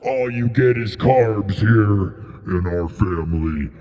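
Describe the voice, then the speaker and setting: A man voicing a slow, menacing restaurant family man who drawls in a low, ominous way. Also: mellow. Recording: long reverb, dull lo-fi sound.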